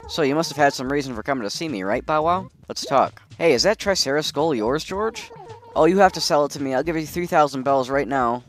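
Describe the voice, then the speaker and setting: A man's voice: fairly high pitch, lively intonation, brisk, natural voice. A man reading the lines of a friendly but sulky female dog villager from a video game. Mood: pleading. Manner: pleading and sulky, read from game text.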